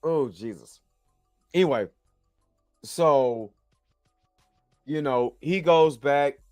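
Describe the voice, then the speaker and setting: This show host drawls out his words in a high-ish, slightly mellow voice as he reviews a TV episode, yawning and tired after a long work shift. His talk is casual, rambling, and slang-heavy, full of "you know what I'm saying," over a dry recording with soft background music.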